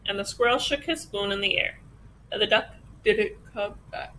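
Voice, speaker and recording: A woman teacher reading a children's picture book aloud with expressive storytelling. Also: mid-range voice, normal speed, slight background noise, poor audio.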